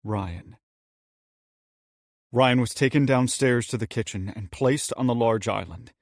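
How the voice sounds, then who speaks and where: Steady male audiobook narrator, dry sound. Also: medium pitch, a little slow, no room sound. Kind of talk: scripted narration.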